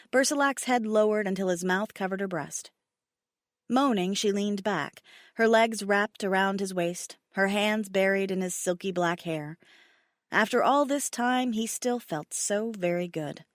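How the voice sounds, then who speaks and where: A woman narrating a fantasy audiobook with lively, animated pitch and a mid-range voice. The recording is close and dry, with no room echo. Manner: expressive storytelling. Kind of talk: scripted narration.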